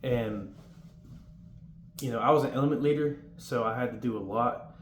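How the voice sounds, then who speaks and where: A young man talks in a loose, rambling way as he gives advice about basic training, sometimes acting out the yelled commands. His voice sits at a middle pitch. The room is roomy and echoey, with a faint hum behind him. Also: moderate pace. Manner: rambling, informal, acts out drill yelling. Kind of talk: casual advice vlog.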